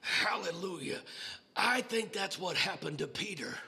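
A man preaching a sermon, building to shouted exclamations with many "uh" and "amen" fillers. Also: high voice, unhurried, creaky.

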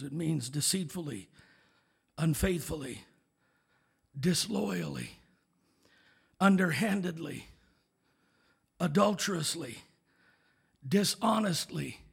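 A high, gravelly man's voice, bright and edgy, delivers a fiery sermon. He is very husky and raspy. He climbs to shouted exhortations, then drops to hushed asides, with frequent call-outs to the congregation. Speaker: pastor.

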